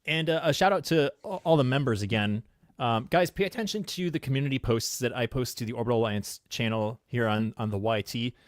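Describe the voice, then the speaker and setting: A man co-hosting a podcast in casual live-stream chat, halting, thankful and quick to laugh, with a tired throat. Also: mid-range voice, no room sound, studio quality. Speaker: podcast co-host.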